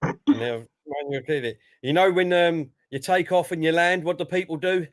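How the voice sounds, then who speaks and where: A man co-hosting a football stream, giving casual live match commentary and getting excited as play unfolds. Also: moderate pace, no echo. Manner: excitable, jumps up in pitch when play gets lively.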